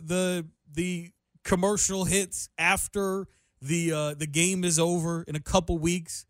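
A man's voice: on the high side, dry recording, studio quality. A man hosting sports talk radio, upbeat and chatty. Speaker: radio host.

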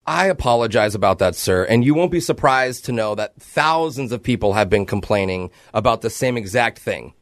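A man on a radio show making a prank phone call, politely deadpan as a fake city clerk. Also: fairly low pitch, moderate pace, few pauses. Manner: mock-polite, deadpan, breaks into laughter.

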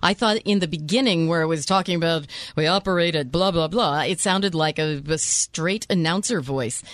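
A woman's voice: deep voice, moderate pace, no echo. A woman co-hosting a radio show, chatting casually, often laughing along. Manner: laughs often, supportive backchannel. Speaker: radio co-host. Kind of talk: casual chat.

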